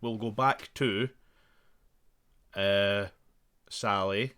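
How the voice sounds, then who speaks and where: A man's voice: lowish voice, fairly even intonation, drawn-out words, bright, forceful tone, clear, resonant tone. A man narrating as game master of a tabletop game, chatty and laughing often.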